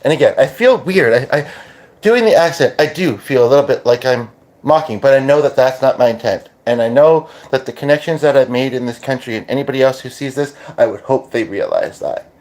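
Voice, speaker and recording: A Canadian man hosting a podcast as a medium, talking casually and haltingly with many restarts. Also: medium pitch, a little mellow. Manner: hesitant, full of restarts and fillers. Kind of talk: casual channeling monologue.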